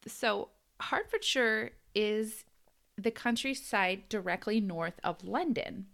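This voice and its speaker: A woman's voice: mid-range voice, lively intonation, slow, gravelly, a bit bright. An American woman co-hosting a podcast, chatting casually and laughing often as she tells a story. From United States. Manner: giggly, storytelling. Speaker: podcast co-host. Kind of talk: casual chat.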